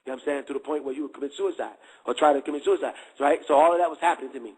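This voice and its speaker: Brief: middle-aged man, raspy and a bit high, candid slangy testimony, keeps asking if you follow. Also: rapid-fire, low-quality recording. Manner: streetwise slang, constant check-ins with listeners. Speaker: guest giving a testimony.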